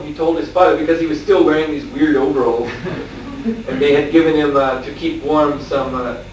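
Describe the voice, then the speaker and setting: Echoey male monk telling a story. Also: a little high. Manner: storytelling with chuckles and frequent fillers. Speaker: monk lecturer. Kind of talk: anecdotal scripture class. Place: lecture room at a farmstead. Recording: echoey room, distant mic, faint hiss.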